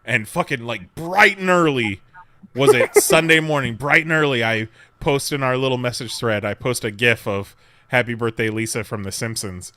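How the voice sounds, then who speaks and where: Podcast co-host, male, bright animated voice, laid-back and profane, dry close mic. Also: mid-range voice, moderate pace, dry recording. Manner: laid-back, swears casually, laughs often. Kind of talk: casual chat.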